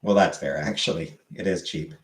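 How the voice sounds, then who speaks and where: Low-voiced man musing in an echoey room. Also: normal speed. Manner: meandering, corrects himself mid-sentence. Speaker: livestream host answering chat. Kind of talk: casual rambling commentary.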